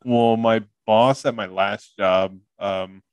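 A man's voice: fairly low pitch, steady tone, takes it slowly, smooth, no echo. A young man hosting a casual movie podcast, rambling with many fillers and frequent laughs. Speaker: podcast host.

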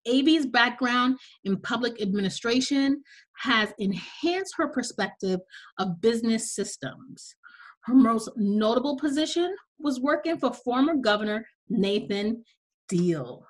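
A woman's voice: on the high side, animated, measured pace, poor audio. A woman hosting an interview podcast, enthusiastic and effusive, with a slight cough. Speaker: podcast host.

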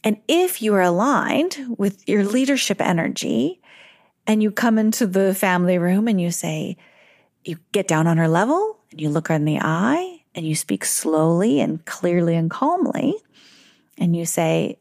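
A middle-aged woman hosting a podcast, giving parenting advice in a calm, reflective way and slowing down on key words. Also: medium pitch, no room sound, studio quality. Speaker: parent educator and podcast host.

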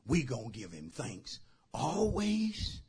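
A man preaching a sermon as pastor, shouting out lines and calling for responses from the congregation. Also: mid-range voice, huge pitch swings, slow pace, crowd noise.

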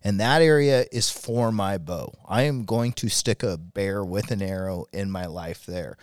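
A man's voice: low voice, a little slow, dry recording, studio quality. A man in casual podcast chat, talking emphatically about plans and backing others up with short agreements. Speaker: podcast co-host.

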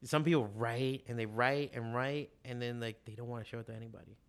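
Speaking fairly quickly in a smooth, medium-pitched voice, a middle-aged comic artist and art shop owner riffs on drawing and passion. It's a casual podcast conversation, and he's an animated, foul-mouthed storyteller.

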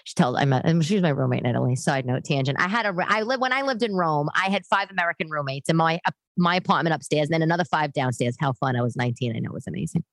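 A low-pitched woman with a New York-area accent, chatting on her podcast and wandering off into tangents and little asides. The sound is dry and close, with no room echo. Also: animated, fast talker. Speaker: podcast host and stand-up comic. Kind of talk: casual chat podcast. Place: living room.

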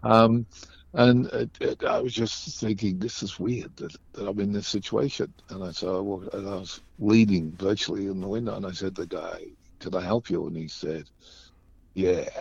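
A man from Australia telling anecdotes casually as a guest, animated and acting out the voices of people in his stories. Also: low voice, normal speed, vocal fry, husky, muffled recording. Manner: animated storytelling, acts out voices. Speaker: guest storyteller.

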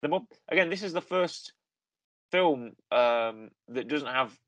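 A man's voice: medium pitch, lively intonation, measured pace, dry recording, dull audio. A man co-hosting a casual film podcast, rambling with frequent ums and restarts. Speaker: podcast co-host.

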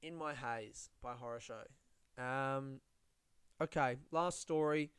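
A man's voice: medium pitch, slow pace, fairly bright tone, clear, resonant tone, dry recording, clean studio sound. A young man with an Australian accent, a comedian hosting a casual chat, telling rambling, sweary, self-mocking stories. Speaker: comedian and podcast host. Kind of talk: casual storytelling.

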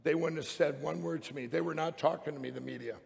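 A man's voice: a little high, steady tone, fast talker, creaky. A man giving a speech to an audience, telling a rambling, emphatic story with many restarts. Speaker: public speaker. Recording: long hall reverb.

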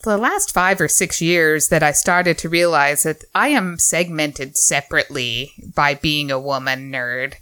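A woman co-hosting a podcast, speaking reflectively in halting casual chat. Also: low-pitched, sharp tone, clear, resonant tone, dry recording. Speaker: podcast co-host.

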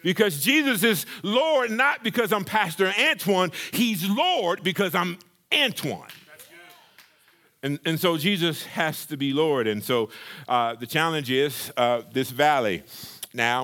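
A male pastor preaching a sermon, lively and conversational, acting out scripture scenes with playful asides. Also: on the high side.

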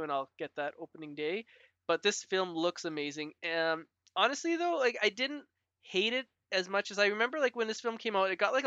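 Bright, chatty man on a dull podcast mic. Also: sits high, clear, resonant tone, dry recording. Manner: chatty, heavy use of "like" fillers, laughs often. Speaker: podcast co-host. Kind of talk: casual chat.

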